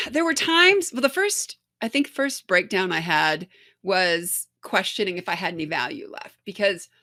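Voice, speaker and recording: Woman guest, bright, forceful tone; candid storyteller who mimics voices. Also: on the low side, animated, a little slow. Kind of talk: podcast interview.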